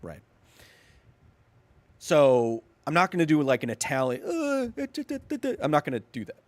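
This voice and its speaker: A young man streaming a video game live, joking and talking excitedly with his chat. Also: medium pitch, normal speed, dry recording. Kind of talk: casual let's-play chat.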